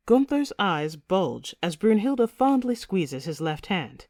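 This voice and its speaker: A woman reads a fantasy audiobook in an even, measured voice of middling pitch. The recording is dry and close, with no room sound. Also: no echo. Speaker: audiobook narrator. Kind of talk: scripted narration.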